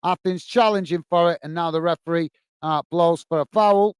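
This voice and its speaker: A man's voice: on the high side, moderate pace, clear, resonant tone, dry recording. Chatty man hosting a match watch-along. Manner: chatty, rambling, frequent self-corrections and fillers; friendly, calls viewers "mate". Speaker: football watch-along host. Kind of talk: casual live match commentary and chat reading.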